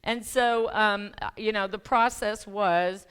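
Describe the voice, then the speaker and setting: Chatty woman preaching with a smooth voice. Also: medium pitch, steady tone, takes it slowly, fairly bright tone. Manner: chatty and self-deprecating, laughing along with the congregation. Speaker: guest speaker and life coach. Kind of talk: conversational sermon with personal story. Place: church sanctuary.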